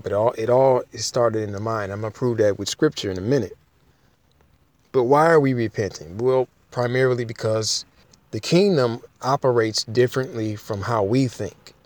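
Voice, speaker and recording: A man with a fairly low, darkish voice gives an informal Bible teaching, restarting often as he talks it through and reading King James verses aloud in this casual sermon.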